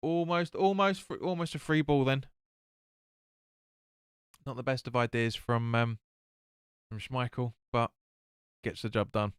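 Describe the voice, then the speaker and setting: Smooth-voiced man commentating a match. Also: medium pitch, fairly even intonation, measured pace, long pauses, dry recording, studio quality. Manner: chatty, reacts to play and reads out viewer comments. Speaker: fan watch-along host. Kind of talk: live match watch-along commentary.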